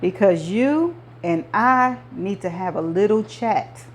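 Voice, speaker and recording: Taking it slowly, a woman performs an audiobook character, an older mob boss with a movie-gangster manner who is both menacing and jovial. Her mid-range voice has lively intonation, and a little hiss or hum can be heard.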